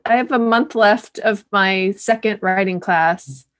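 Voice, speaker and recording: Slow, hesitant woman guest. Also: medium pitch, dry recording. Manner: hesitant, lots of ums. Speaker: podcast guest. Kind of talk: casual chat.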